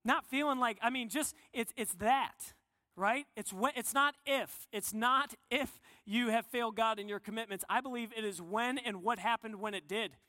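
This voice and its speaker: A man with a high, bright voice preaches in an earnest, conversational way, often stopping to restart his sentences. His voice carries a long reverb that trails off in the hall around him. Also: moderate pace. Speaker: pastor. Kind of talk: sermon.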